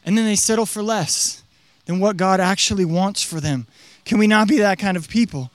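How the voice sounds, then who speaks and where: A man's voice: high voice, animated, fairly quick, dry recording. A young man preaching a casual, conversational sermon as a pastor, full of fillers and acted-out quotes. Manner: chatty, uses many fillers, acts out quotes in character voices.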